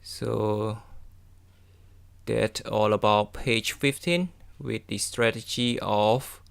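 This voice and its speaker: A man's voice: on the low side, steady tone, takes it slowly, vocal fry, clear, resonant tone. Hesitant man explaining tips. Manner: hesitant, with frequent ums and self-corrections. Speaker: English test tutor. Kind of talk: reading and explaining study tips.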